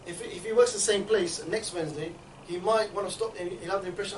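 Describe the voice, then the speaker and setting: A man training a group in street outreach, talking in a rapid, chatty way and often checking in with his listeners. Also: high voice, slight background noise. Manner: rapid, chatty, keeps checking in with "yeah?" and "right?". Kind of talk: instructional group talk. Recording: echoey room, mic at a distance.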